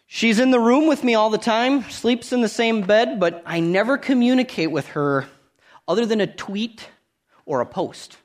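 A man in his thirties preaching a sermon, earnest and conversational, rising loud on key points and dropping to quiet asides. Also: high-pitched, normal speed.

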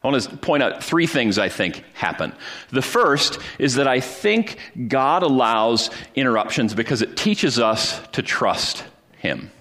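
Lively, unhurried male preacher. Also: medium pitch. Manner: conversational storytelling with frequent fillers and restarts. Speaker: pastor. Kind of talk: sermon retelling a Bible story.

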